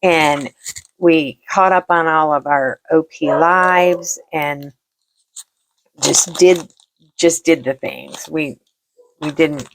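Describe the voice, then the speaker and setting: A woman's voice: deep voice, steady tone, slow pace, pauses often. A middle-aged woman hosting a vlog, chatting casually while she crafts, rambling and self-deprecating and often repeating herself. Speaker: vlog host.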